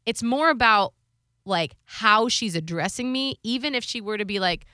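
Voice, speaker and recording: A woman's voice: a little high, animated, normal speed, bright, forceful tone, clear, resonant tone, no echo, studio quality. A woman in her thirties, a radio host, chatting casually and telling a story with lots of "like"s and acted-out quotes. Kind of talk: casual podcast chat.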